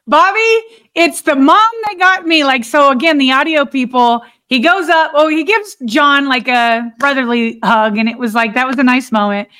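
A woman with a notably high voice talks sports on a podcast. She speaks earnestly and wanders, doubling back on her own words as she goes. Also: a little slow, pushed and bright. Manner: earnest, rambling with many restarts. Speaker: podcast co-host. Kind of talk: casual sports chat.

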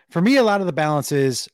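A man's voice: a little high, dry recording, studio quality. A man hosting a casual podcast chat as a comedian, talking in bursts with restarts and stammers. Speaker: host and comedian.

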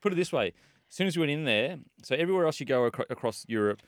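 A man's voice: fairly high pitch, lively intonation, racing, dry recording. A man co-hosting a radio show, talking in chatty fashion with many restarts. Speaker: radio co-host. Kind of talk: casual radio chat.

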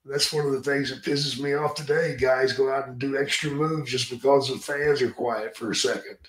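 A man in his own podcast talks in a blunt, swearing, opinionated way at a mid-range pitch. His voice sounds roomy and echoey. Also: steady tone, moderate pace. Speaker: podcast host. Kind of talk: casual podcast interview. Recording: roomy echo.

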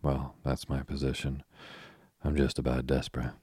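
Brief: a man voicing a gloomy, honest young ex-soldier in a storybook, very low, husky voice. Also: dry recording, clean studio sound. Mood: glum. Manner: soft, even, unhurried reading.

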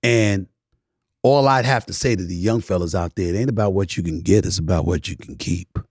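A middle-aged man hosting an animated talk-show monologue, emphatic and preachy, swinging from loud declarations to hushed asides. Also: sits low, fairly quick, slightly rough, no echo, clean studio sound. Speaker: sports talk host.

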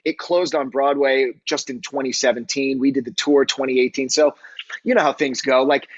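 A middle-aged man speaking as an interview guest, halting and often searching for words. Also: mid-range voice, steady tone, no room sound. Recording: dull, dry lo-fi sound.

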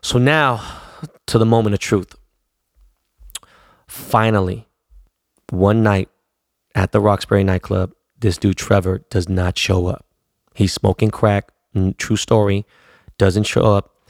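A man's voice: lowish voice, steady tone, slow pace, creaky, pauses often, a little mellow, no room sound, clean studio sound. A man in his forties casually telling long rambling stories, full of slang and swearing. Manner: profane, rambling, slangy storytelling. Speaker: podcast host telling stories. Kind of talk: casual storytelling.

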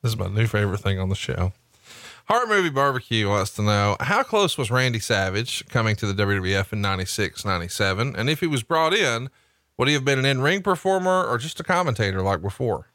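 A man's voice: medium pitch, sing-song, brisk, sharp tone, no room sound, studio quality. A man from New York with a New York accent, co-hosting a podcast and reading out listener questions in a jokey way. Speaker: podcast co-host.

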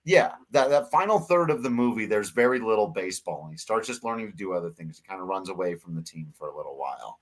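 A man's voice: sits low, big pitch swings, quick pace, hardly any pauses. A man co-hosting a casual sports podcast, talking earnestly and getting emotional, with frequent laughs. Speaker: podcast co-host.

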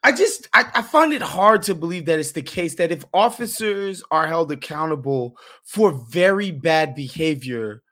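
A man with a slightly high voice hosts a loose, casual conversation. He asks his guest pointed, profane questions and swears freely. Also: expressive, moderate pace, few pauses, fairly bright tone. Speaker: podcast host.

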